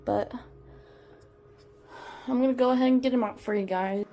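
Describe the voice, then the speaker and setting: A woman's voice: on the high side, steady tone, moderate pace, mellow, a little hiss or hum. A woman chatting casually as she shows how she cares for her pet, with lots of fillers and cooing baby talk for the animal. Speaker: exotic pet keeper. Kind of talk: casual pet care vlog. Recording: background music.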